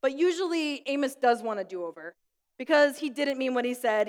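A woman's voice: high voice, expressive, normal speed, long reverb tail. A young adult woman pastor giving a prayer and sermon in a school room, telling stories with light laughter. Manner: warm storytelling with light laughs. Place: school room used for church.

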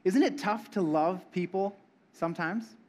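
A man's voice: high voice, a little slow, darkish tone. A young man preaching a casual sermon, joking and asking the audience questions. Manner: playful, talks with the audience. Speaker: pastor.

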